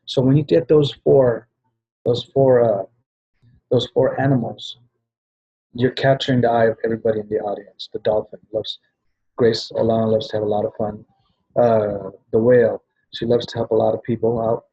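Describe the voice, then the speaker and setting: A man's voice: medium pitch, little pitch movement, moderate pace, mellow, breathy edge, muffled recording. A man giving a rambling training talk to sales agents, often restarting and checking in with "right?". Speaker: business trainer at a travel party.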